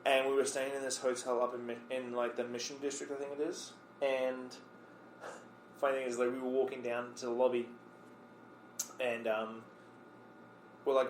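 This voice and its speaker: A man hosts a casual podcast with a loose, rambling delivery full of fillers. His voice sits at a middle pitch, and the room around him is echoey. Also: normal speed, long pauses, a little hiss or hum. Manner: relaxed, rambling with many fillers. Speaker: podcast host. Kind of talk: casual interview chat. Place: bar or room, recorded on a phone. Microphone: phone recorder.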